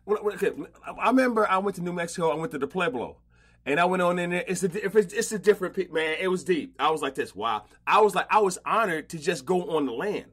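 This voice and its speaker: A man hosting a casual podcast interview, slangy and animated, often repeating himself. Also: sits high, fast talker, breathy edge. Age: older. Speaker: podcast host.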